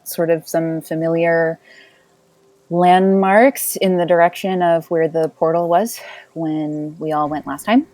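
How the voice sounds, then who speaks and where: A woman playing a tabletop game, relaxed and thinking aloud in character. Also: deep voice, unhurried, no room sound. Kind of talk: casual in-character chat.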